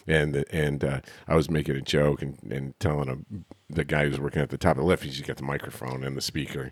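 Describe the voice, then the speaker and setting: A man hosting a podcast, chatting casually and telling an animated story with lots of swearing and acted-out quotes. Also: very deep voice, brisk, breathy edge, no room sound. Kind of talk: casual chat.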